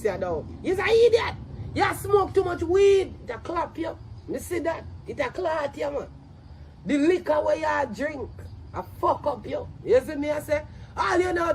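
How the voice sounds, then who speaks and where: High-pitched Jamaican woman ranting, loud scolding commentary, profane, shouts often.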